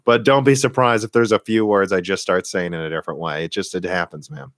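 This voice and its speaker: Low-voiced Midwestern man on a livestream. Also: steady tone, a bit bright, no echo, clean studio sound. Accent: Midwestern American, Minnesota, Michigan and central Illinois. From Minnesota. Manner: opinionated, talks in quick bursts with restarts and laughs. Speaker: livestream host answering viewer questions. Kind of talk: casual live Q&A chat. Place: home room.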